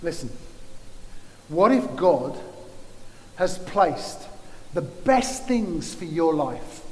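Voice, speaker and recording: A man's voice: on the high side, big pitch swings, extremely slow, darkish tone. A man preaching a sermon as a guest speaker, emphatic and building through repeated phrases. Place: church hall. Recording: long church-hall reverb, faint noise.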